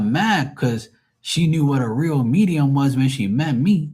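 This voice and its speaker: A man's voice: medium pitch, animated, measured pace, darkish tone, husky. A man doing a live tarot stream, ranting in a profane, mocking, rambling way to his chat.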